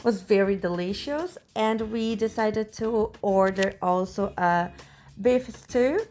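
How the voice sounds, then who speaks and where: Slow, chatty woman vlogger. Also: medium pitch, darkish tone, faint music behind. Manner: chatty, repeats words for emphasis. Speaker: travel vlogger. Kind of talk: travel vlog voice-over.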